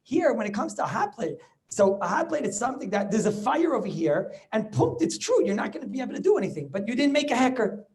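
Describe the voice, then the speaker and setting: Animated rabbi teaching over video call. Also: male voice, extremely high pitch, fast. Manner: animated, repeats words, rhetorical questions. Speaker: rabbi teaching a Talmud class. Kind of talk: lively Torah class over video call.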